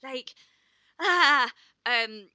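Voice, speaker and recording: A woman's voice: high-pitched, animated, extremely slow, pushed and bright, smooth, no room sound, clean studio sound. A woman co-hosting a casual chat, telling stories with swearing and acted quotes. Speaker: podcast co-host and performer.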